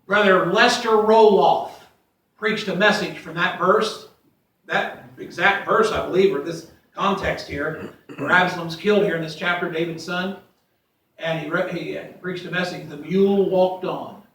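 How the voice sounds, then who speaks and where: A preacher with a high, bright voice works through scripture in a sermon. He reads verses aloud, rising loud on the quoted cries and dropping to quiet asides. He is heard from well back in a very echoey church with a faint hum of room noise. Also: fairly even intonation, normal speed, distant mic. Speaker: pastor. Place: church sanctuary.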